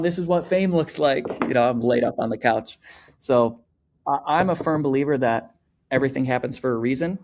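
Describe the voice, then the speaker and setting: A man's voice: medium pitch, darkish tone. A young man, a podcast guest, talking in a loose, rambling way and filling his sentences with "like" and "you know". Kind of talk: casual conversational storytelling.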